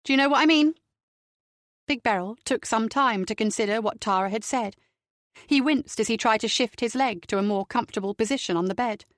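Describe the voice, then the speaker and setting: Woman, audiobook narrator, crime novel, measured, fairly high, dry close mic. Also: dry recording.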